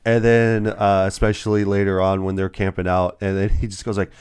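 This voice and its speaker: A man's voice: lowish voice, level tone, brisk, a little mellow, slight background noise. A young man hosting a casual movie review podcast, retelling scenes with quoted voices. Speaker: podcast host.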